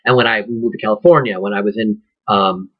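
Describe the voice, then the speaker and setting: A man's voice: fairly low pitch, fairly even intonation, a little fast. A man with a Midwestern accent, talking loosely to acting students, often restarting his sentences. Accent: Midwestern American. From American Midwest. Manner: loose, rambling, with frequent restarts. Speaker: acting teacher. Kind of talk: casual instructional talk. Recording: dull lo-fi recording.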